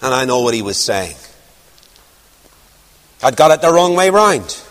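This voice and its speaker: A man's voice: medium pitch, very animated, a little slow, fairly bright tone. A man preaching a sermon, building emphasis through rising repeated phrases. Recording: long hall reverb.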